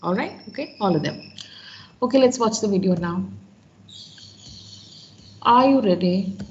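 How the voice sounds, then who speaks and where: A woman's voice: mid-range voice, animated, brisk, a little mellow, dull audio, a little hiss or hum. A woman teacher with a Sri Lankan English accent giving an online class lecture. She keeps checking in with her students by asking "right?". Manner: instructive, checks in with frequent "right?".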